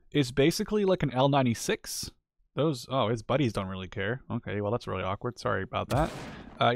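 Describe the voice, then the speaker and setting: A man's voice: mid-range voice, vocal fry, a little hiss or hum. A man giving casual, rambling gameplay commentary, mildly ranting and full of fillers as he plays.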